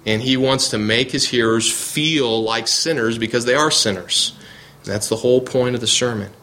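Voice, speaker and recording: A man's voice: medium pitch, moderate pace, sharp tone. Earnest man teaching a Bible class. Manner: earnest, reads scripture aloud, restarts and searches for words.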